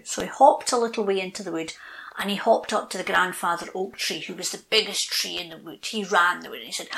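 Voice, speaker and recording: A woman appears as a guest storyteller, narrating a children's folk tale with lively energy and distinct voices for each character. Her medium-pitched voice is creaky and brisk, and the recording quality is rough.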